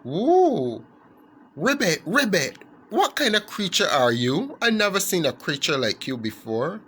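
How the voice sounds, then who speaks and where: A man's voice: high voice, very animated, measured pace, pushed and bright, husky, pitched above the performer's own voice, full character voice. A man doing an eager little boy frog.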